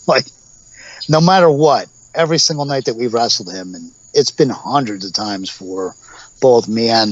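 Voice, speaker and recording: A man's voice: lowish voice, slightly rough. Rambling forties man, dull lo-fi sound. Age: 40s. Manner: rambling storyteller, acts out quotes with laughs. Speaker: guest, professional wrestler. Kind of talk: casual podcast interview.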